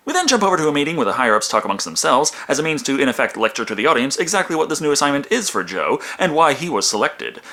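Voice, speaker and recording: A man's voice: fairly high pitch, big pitch swings, very fast, hardly any pauses, sharp tone. A man narrating a comedic film review in a sarcastic, wisecracking manner.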